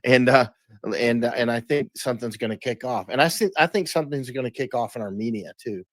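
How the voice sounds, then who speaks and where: A man's voice: medium pitch, a little fast, no echo. Emphatic male interview guest, dry sound. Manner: emphatic, with many restarts and repeated words. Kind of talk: casual interview talk.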